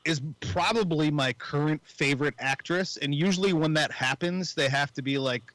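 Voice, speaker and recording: A man's voice: fairly high pitch, moderate pace, fairly bright tone, dry recording, low-quality recording. Rambling man co-hosting a podcast. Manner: rambling, swearing, many restarts. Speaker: podcast co-host. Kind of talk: casual chat.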